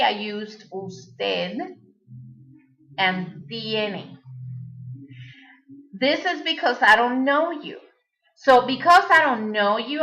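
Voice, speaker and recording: Slow, patient woman teaching Spanish. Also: a little high, bright, forceful tone. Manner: patient, repeats words slowly for the learner. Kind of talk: recorded language lesson. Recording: dull lo-fi recording.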